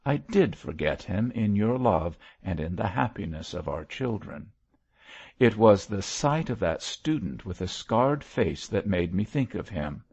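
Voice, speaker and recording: A man's voice: fairly low pitch, big pitch swings, measured pace, darkish tone, slightly rough, muffled recording, full character voice. A man voicing a passionate, defiant middle-aged wife, speaking vehemently and emotionally.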